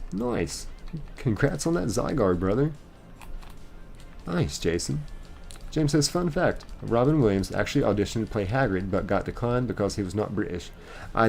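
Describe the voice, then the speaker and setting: Low-voiced man streaming casually. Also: vocal fry, a little mellow. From United States. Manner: reads viewer comments aloud, rambling with many fillers. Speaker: live-stream host. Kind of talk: casual live-stream chat.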